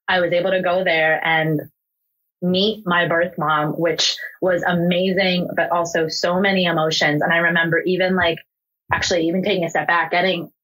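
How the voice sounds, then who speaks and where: A young woman from the United States speaks as a podcast guest, sharing her own story in an open, emotional, unpolished way. Her voice sits low for a woman and has a husky, breathy grain. She swears casually and leans on "like" between thoughts. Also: fairly bright tone, rough recording. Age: young adult. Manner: candid, emotional, swears freely, many fillers like "like". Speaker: interview guest.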